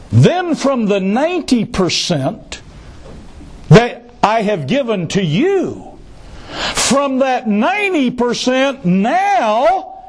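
A man's voice: very high voice, darkish tone. A male pastor preaching a sermon, who repeats key phrases for emphasis and adds joking asides.

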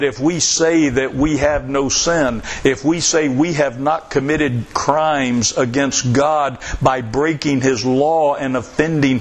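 A man preaching a sermon, who stresses his points by repeating them. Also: mid-range voice. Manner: storytelling with acted quotes, emphatic repetition. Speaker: pastor.

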